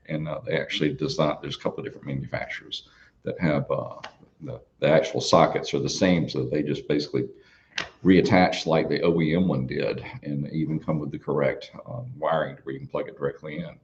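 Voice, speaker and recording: Male host, very low voice, easygoing live Q&A chat, muffled lo-fi sound. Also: slight background noise. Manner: relaxed, folksy, lots of fillers and restarts. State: out of breath. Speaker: parts company host answering viewer questions. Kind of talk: casual live Q&A. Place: small studio.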